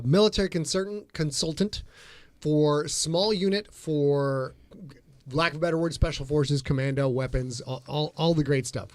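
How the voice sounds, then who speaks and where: A man's voice: fairly high pitch, no echo. A man co-hosting a podcast in casual chat, joking and rambling as he goes. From Sheboygan area, Wisconsin. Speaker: podcast co-host.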